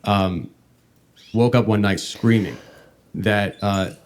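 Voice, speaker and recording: Man, podcast host, lowish voice, halting rambling storytelling. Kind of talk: telling a paranormal story.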